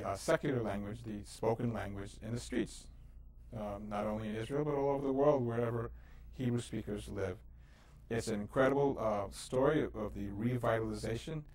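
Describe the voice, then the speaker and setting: Speaking with a lowish, slightly mellow voice, a man hosts an educational lesson on the Hebrew alphabet. He works through syllables patiently and explains letters in a casual manner, using fillers.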